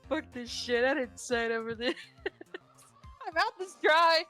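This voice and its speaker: A woman's voice: sits high, lively intonation, bright, forceful tone. A woman co-streaming a game, teasing and giggling through casual chat. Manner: giggly, teasing, quick jokes. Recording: faint game music behind.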